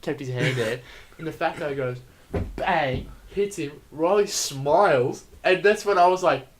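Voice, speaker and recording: A man's voice: fairly high pitch, moderate pace, noisy background. A young man, joking crudely and laughing through a casual podcast chat. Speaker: podcast co-host.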